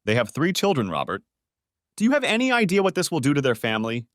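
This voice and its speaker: A man's voice: a little high, huge pitch swings, fast, no echo, studio quality. A man voicing a distraught adult wife who pleads and defends herself, in a story reading. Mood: pleading.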